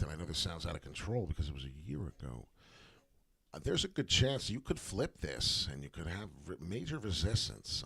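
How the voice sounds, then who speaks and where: A man giving casual, rambling commentary on crypto price charts, full of fillers and words repeated for emphasis. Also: fairly low pitch. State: hiccuping.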